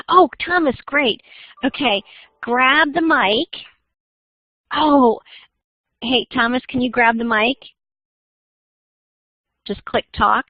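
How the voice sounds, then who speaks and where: A woman's voice: high voice, slow pace, long pauses, no room sound. Chatty woman teacher, lo-fi dry mic. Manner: chatty, laughing, filler-heavy. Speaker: algebra teacher. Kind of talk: online class session. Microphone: computer mic in online class. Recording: dull dry lo-fi computer audio.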